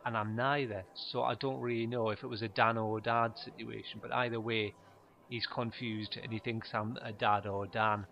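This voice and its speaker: A man telling stand-up stories in a deadpan, rambling way, full of fillers. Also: lowish voice, normal speed, gravelly, highs cut off. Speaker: stand-up comedian. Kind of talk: stand-up monologue.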